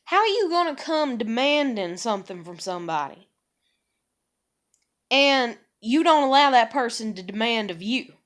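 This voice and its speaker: A woman's voice: fairly high pitch, very animated, normal speed, fairly bright tone. A middle-aged mother venting in a blunt, profane rant, often acting out both sides of an argument. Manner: blunt, profane, heated, quotes others in dialogue. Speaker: parent venting about relationships. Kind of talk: casual vlog rant.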